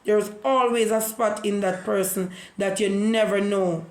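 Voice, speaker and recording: A woman's voice: mid-range voice, fairly even intonation, unhurried, a little mellow, reverberant. A Jamaican woman giving a casual vlog monologue, preaching and telling a story with lots of repetition. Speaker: vlogger.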